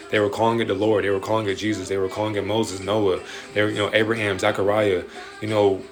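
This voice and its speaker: A man hosting a late-night livestream, preaching in an animated way with slangy street talk and swearing. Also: lowish voice. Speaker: livestream host answering viewer questions. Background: faint music playing in the background.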